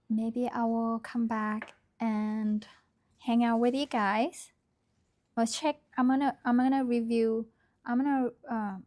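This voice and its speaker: A calm, soft-spoken woman chats casually to her viewers at an unhurried pace. Her voice sits a little high, and she talks in a gentle, quiet way. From Thailand. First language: Lisu. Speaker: embroidery vlogger. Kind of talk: casual chat to camera.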